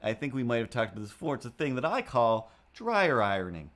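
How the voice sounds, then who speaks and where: Chatting fast while he draws on stream, this man tells loose, rambling stories in a mid-range voice, full of fillers like "like" and frequent restarts. His accent is self-made and hard to place, and he gets animated, using squeaky voices for anyone he quotes.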